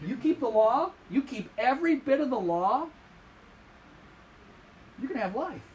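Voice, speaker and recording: A man preaching a sermon in an animated way, often checking in with his listeners as he teaches. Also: extremely high pitch, measured pace. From Michigan.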